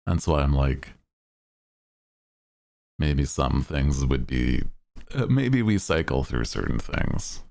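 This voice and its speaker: A man's voice: rumbling low, animated, takes it slowly, vocal fry, pauses often, darkish tone. A man chatting casually while livestreaming a game, rambling playfully and laughing often. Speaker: game streamer.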